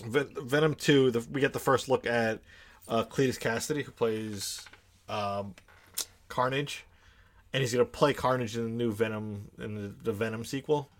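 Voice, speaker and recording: A young man co-hosting a podcast in casual chat, eager and halting with many restarts. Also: medium pitch, steady tone. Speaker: podcast co-host.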